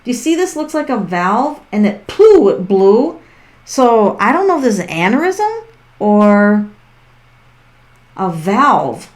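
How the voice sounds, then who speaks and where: A woman's voice: mid-range voice, big pitch swings, unhurried. Chatty middle-aged woman reading tarot live. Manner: chatty and rambling, often breaking into laughs. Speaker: tarot reader hosting a live stream. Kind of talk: casual livestream chat while giving readings. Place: at home on a farm. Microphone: laptop built-in mic.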